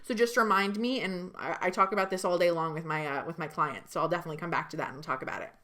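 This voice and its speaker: A woman's voice: on the low side, quick pace, sharp tone. A woman business coach giving a live online training, speaking emphatically and talking directly to her viewers.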